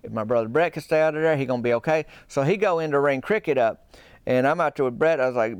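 A man's voice: medium pitch, fast, clear, resonant tone, dry recording, clean studio sound. A man telling a comic story in a folksy, rambling, drawling way. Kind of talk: comedic storytelling.

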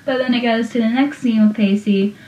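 A woman's voice: on the high side, steady tone, fairly quick, mellow. A young woman chatting casually as she recaps a TV episode, full of rambling asides. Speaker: show recapper. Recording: dull, roomy, from a distance.

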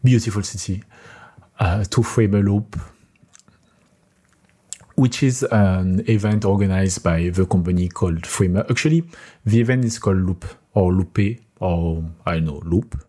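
A man's voice: deep voice, normal speed. A podcast co-host with a French accent, a man who speaks English as a second language, chatting casually and searching for words as he goes. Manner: rambling, searching for words, laughs softly. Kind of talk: casual chat.

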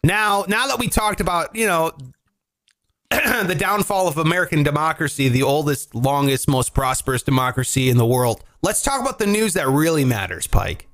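A man's voice: fairly high pitch, moderate pace. A man hosting a casual comedy talk show, telling stories with lots of energy and swearing freely. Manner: animated storyteller, swears freely. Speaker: morning show host.

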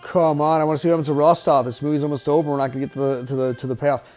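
A man's voice: fairly high pitch, flat delivery, rapid-fire, a little mellow, faint music behind. A man hosting a podcast, giving casual, wisecracking, profanity-laden commentary while watching a movie. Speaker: podcast host. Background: faint film soundtrack.

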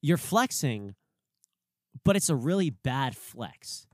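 A young man, a college student, chatting casually and ranting in an animated way that gets sharp when he is worked up. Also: medium pitch, takes it slowly, no echo. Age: young adult. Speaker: pre-med college student. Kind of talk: casual chat.

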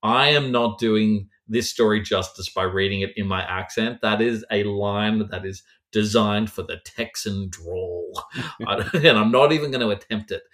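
A man's voice: on the low side, normal speed, a bit bright. A man who is a podcast guest, talking about stories in a playful, colorful, emphatic way. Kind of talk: casual podcast chat.

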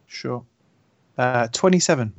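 A man's voice: mid-range voice, animated, unhurried, vocal fry, no room sound. A man playing a tabletop game in casual chat, joking and laughing with the group. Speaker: player.

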